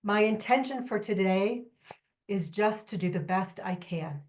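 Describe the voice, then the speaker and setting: A woman trainer giving a lively, candid workshop talk to a live audience, with joking asides and questions to the room. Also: mid-range voice, a little slow. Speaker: trainer presenting at a symposium.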